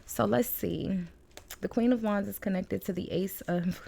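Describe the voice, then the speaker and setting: A woman's voice: mid-range voice, a little slow, vocal fry, dark tone, no echo. A woman tarot reader, chatty and rambling with frequent laughs, giving a casual reading at home. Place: home room with balcony door shut.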